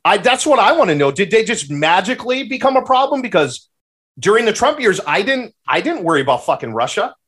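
A man in casual podcast conversation, ranting with profanity and animated exclamations. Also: sits high, brisk, slightly rough. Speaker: podcast guest.

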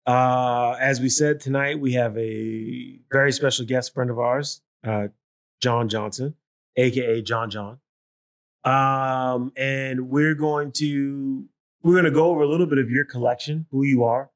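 Laid-back guy hosting a podcast, mid pitch, rambling a bit. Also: fairly even intonation, a little slow. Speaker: podcast host. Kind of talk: casual podcast chat.

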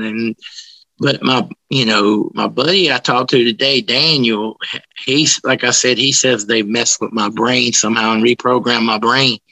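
Gravelly man, rambling and animated. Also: medium pitch, no room sound, rough recording. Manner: rambling, with many restarts and colloquial grammar; animated when telling stories. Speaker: interviewee, paranormal investigator. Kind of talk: casual storytelling interview.

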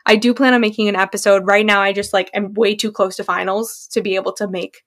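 A woman's voice: mid-range voice, level tone, fast, fairly bright tone. A woman in her twenties, co-hosting a podcast in casual chat, candid and reflective, laughing often. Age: 20s. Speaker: podcast co-host.

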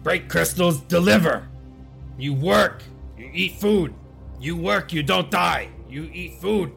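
A man voicing a gruff Neogi slave-driver that barks short, broken commands, loud and high. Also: expressive, slow pace, faint music behind, heavily acted. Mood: barking. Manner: broken clipped commands, shouted. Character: gruff barking spider-legged Neogi overseer.

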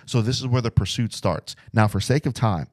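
Male podcast host, Bible teacher. Lowish voice, dry close sound, earnest and conversational, with lots of rhetorical questions. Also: fairly quick, dry recording. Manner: earnest, asks rhetorical questions, repeats words.

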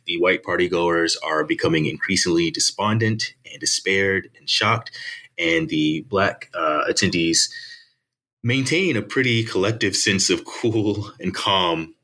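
A man, an author and political science professor, giving measured, articulate answers in an interview. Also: low voice, sharp tone.

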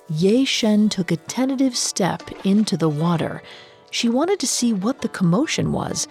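A woman narrating a story in a slow, dramatic storytelling manner. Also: medium pitch, a little mellow.

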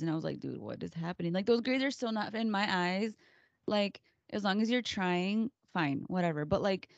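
A woman in her thirties chats casually on a podcast, spinning animated stories and slipping into her kids' voices. The sound is dry and a little dull. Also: fairly low pitch, no echo. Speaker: podcast co-host. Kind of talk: casual chat.

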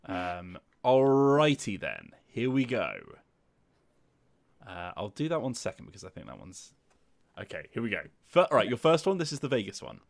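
A man co-hosting a casual game chat, teasing and quick to laugh. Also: mid-range voice, very animated, vocal fry. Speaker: podcast co-host.

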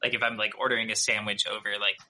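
Minnesotan man, very bright tense tone, halting casual talk, lots of restarts and fillers, video call from a home studio. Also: lowish voice, flat delivery. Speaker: podcast guest, YouTuber. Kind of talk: casual chat. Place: home studio with pine walls.

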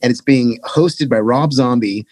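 A man on a podcast telling a tour story, animated and profane, jumping into higher voices for quotes. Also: a little slow, dry recording. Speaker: podcast guest, touring musician. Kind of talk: casual storytelling.

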